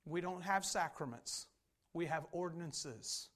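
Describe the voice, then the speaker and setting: High-voiced emphatic male preacher. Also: a little slow, fairly bright tone. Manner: emphatic preaching with repeated phrases. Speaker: Baptist pastor. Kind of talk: sermon.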